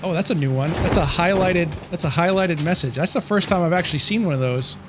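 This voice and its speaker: A man's voice: fairly high pitch, fairly quick. Guy streaming a game live, kinda confused, talks to chat a lot, noisy background. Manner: chatty, easily confused, reacts to chat aloud. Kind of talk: casual live gameplay commentary.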